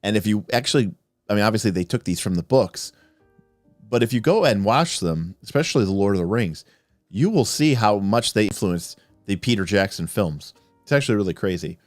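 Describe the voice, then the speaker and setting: A man with a lowish voice hosts a casual livestream, rambling through viewer questions with plenty of fillers, restarts and chuckles. His voice sounds dry and close, with faint music underneath. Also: animated, brisk, dry recording. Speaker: livestream host.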